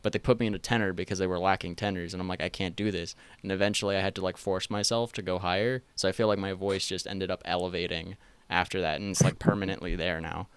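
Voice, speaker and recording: Low, crystal-clear young podcast host. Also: male voice, steady tone, fast talker. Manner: rambling, filler-heavy, swears casually. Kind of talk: casual podcast chat.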